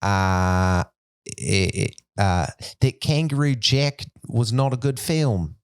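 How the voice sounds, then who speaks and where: A man's voice: lowish voice, slow pace, clear, resonant tone, dry recording, clean studio sound. Rambling man in casual podcast chat. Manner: rambling, many likes and restarts. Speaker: podcast co-host.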